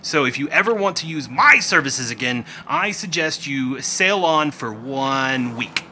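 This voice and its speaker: Man doing a scrawny, pushy little fixer; high, loud, bright and jumpy. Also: animated, measured pace, slight background noise. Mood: eager, pleading.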